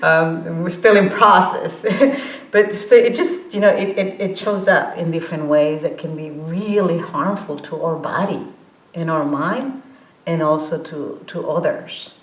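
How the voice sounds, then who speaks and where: A woman in her forties gives a casual meditation talk in a roomy hall. Her voice sits low and she moves slowly, pausing on fillers and restarting phrases. She laughs easily as she talks. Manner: halting, many fillers and restarts, laughs often. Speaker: meditation teacher. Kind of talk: informal dharma talk.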